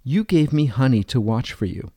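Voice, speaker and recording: Man voicing a scheming neighbor, smug, indignant denial, mellow tone. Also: medium pitch, animated, moderate pace, no echo, clean studio sound.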